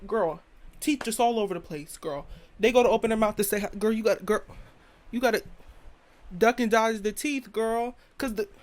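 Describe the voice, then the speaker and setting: A woman's voice: a little high, darkish tone. A young woman hosting her own show, ranting her opinions in a sassy, dramatic, blunt way and swearing freely. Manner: sassy and dramatic, keeps calling the listener "girl". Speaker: podcast host. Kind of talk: casual opinion rant.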